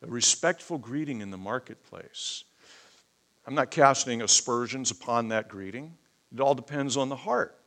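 A man's voice: mid-range voice, normal speed, fairly bright tone. A man preaching a conversational sermon, teaching from scripture with sudden emphatic outbursts.

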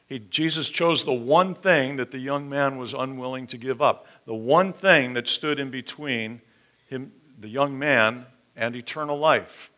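A man preaching with a bright, forceful voice at a middle pitch. He reads scripture and then explains it in a measured, deliberate sermon. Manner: soft, low-voiced prayer. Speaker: pastor. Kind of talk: sermon with scripture reading and prayer.

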